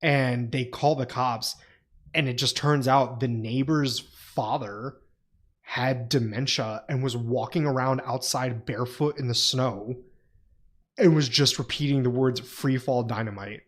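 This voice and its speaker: A man's voice: medium pitch, a little slow. A man co-hosting a podcast, telling stories in casual, profane chat. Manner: profane, animated storyteller. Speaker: podcast co-host.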